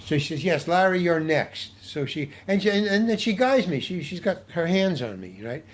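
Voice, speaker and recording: A man's voice: sits high, big pitch swings, a little fast. An older man, a guest actor, telling a long anecdote in a rambling way, restarting and repeating words as he goes. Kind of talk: anecdotal storytelling in an interview.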